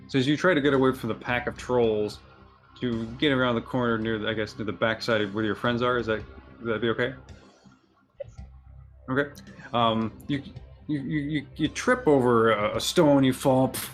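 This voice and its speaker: Halting male game master. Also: mid-range voice, fairly even intonation, faint music behind. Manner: halting, restarts often. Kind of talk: narrating a tabletop game.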